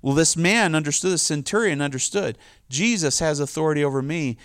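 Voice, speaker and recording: A man's voice: on the high side, brisk, a bit bright, no room sound, studio quality. A middle-aged man preaching a casual, conversational sermon, loose and informal with lots of "like" and "you know". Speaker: pastor.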